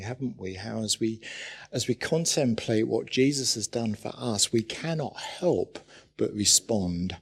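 A man preaching a sermon in a church, telling stories with animated, urgent bursts. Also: medium pitch, creaky, slightly rough. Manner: animated storytelling with sudden loud urgent bursts.

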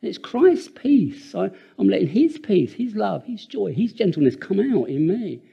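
An older man preaching a sermon, earnest and animated, with laughing asides and repeated words. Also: high voice, moderate pace, gravelly, breathy edge, muffled recording.

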